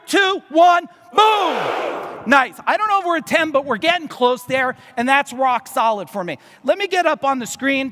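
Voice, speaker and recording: A man from New Jersey giving a loud, fast, profane motivational business seminar to a live audience in a large hall. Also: extremely high pitch. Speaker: business speaker. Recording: long reverb of a large hall.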